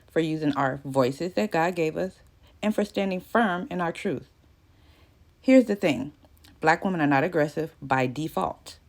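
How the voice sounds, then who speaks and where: A woman with a fairly low voice hosts her own channel. She speaks earnestly and with emphasis, straight to her viewers. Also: vocal fry, a little mellow. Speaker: channel host. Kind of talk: direct-to-camera commentary.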